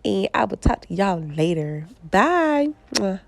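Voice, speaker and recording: A young hair stylist vlogger with a Southern accent, stuffy from a cold, chats her way through a tutorial and keeps checking in with "okay?". Her medium-pitched voice is gravelly and very animated, and she speaks slowly. The recording has no echo.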